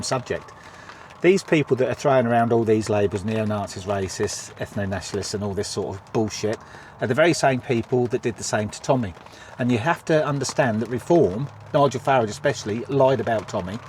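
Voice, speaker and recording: A man giving a heated, sweary political rant for his vlog while sitting in his car in traffic. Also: medium pitch. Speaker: vlogger.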